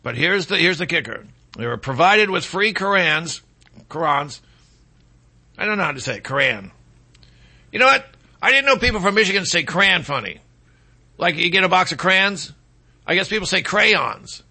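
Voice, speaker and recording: A man's voice: sits high, lively intonation, brisk, gravelly, sharp tone. A man hosting a talk show, delivering a rambling, sarcastic monologue with mocking asides.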